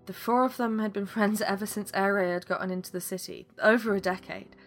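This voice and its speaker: A woman with a mid-range voice reads a fantasy tale aloud, keeping the characters' lines soft and close to her own voice. Faint music plays underneath her reading. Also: mid-range voice, steady tone, brisk. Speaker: narrator. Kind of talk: audiobook-style fantasy story reading.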